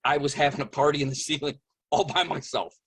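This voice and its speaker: Male interview guest, husky and a bit high, earnest, halting testimony. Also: steady tone, a bit bright. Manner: earnest, halting, searching for words. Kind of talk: personal testimony in conversation.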